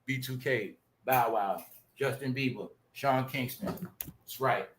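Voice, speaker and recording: A commentary channel host rants slowly on his livestream in a sharp, bright voice, with slight background noise. He's animated, lurching from loud outbursts to low mutters, throwing rhetorical questions at the audience and repeating "y'all" and "huh."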